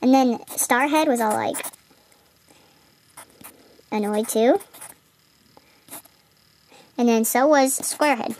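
Rambling high-voiced young girl. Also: slow pace, long pauses, darkish tone, slight background noise. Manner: rambling, lots of fillers and restarts. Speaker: video maker retelling a game. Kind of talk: casual storytelling while drawing.

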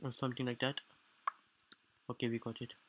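A gaming YouTuber narrates his gameplay in a let's-play, his non-native English accent carrying formal, slightly stilted explanations. He talks fairly quickly in a level, medium-pitched voice. Background noise comes through the low-quality home mic.

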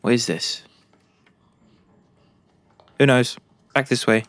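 A young man from Britain who makes gaming videos on YouTube speaks at a slow pace in a medium-pitched voice, captured in a dry recording. He jokes throughout and chats with the characters on screen.

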